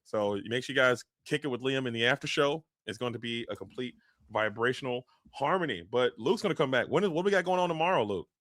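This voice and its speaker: A man's voice: mid-range voice, animated, fast talker, fairly bright tone, dry recording, clean studio sound. A man casting a live card game match, talking through the plays at length, tired from a long day of travel. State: travel-fatigued. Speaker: esports caster.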